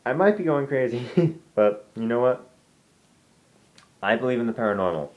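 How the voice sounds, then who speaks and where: A young man vlogging from his home, telling a ghost story in a loose, rambling way. He restarts his sentences often and acts out what people said to him. His voice sits at an ordinary middle pitch. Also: lively intonation, moderate pace, darkish tone, muffled recording. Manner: rambling, with many restarts and "I'm like" asides. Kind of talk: casual storytelling to camera.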